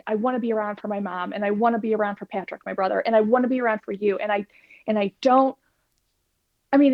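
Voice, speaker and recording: A woman with a somewhat high voice tells her own story in an interview, animated and acting out what people said. The recording is dull and lo-fi, with a dry, close sound. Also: no room sound. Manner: animated, acts out quoted dialogue. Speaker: plant-based cooking instructor, guest.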